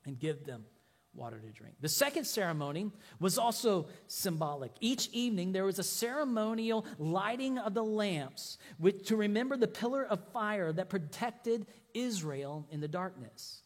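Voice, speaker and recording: A man preaching a sermon, animated, his voice rising for emphasis and dropping low at the ends of phrases. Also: normal speed, long reverb tail. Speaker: pastor.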